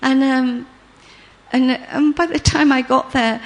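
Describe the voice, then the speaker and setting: An older woman, telling a personal memory in an unhurried, halting way with many pauses and fillers. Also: sits high, steady tone. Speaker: storyteller sharing memories. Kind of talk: casual spoken recollection.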